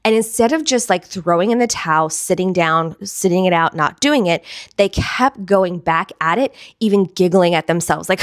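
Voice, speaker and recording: A woman's voice: on the low side, normal speed, dry recording, clean studio sound. A young adult woman, a fitness instructor, talking casually and upbeat to camera, giggling and repeating phrases for emphasis. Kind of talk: casual motivational talk to camera.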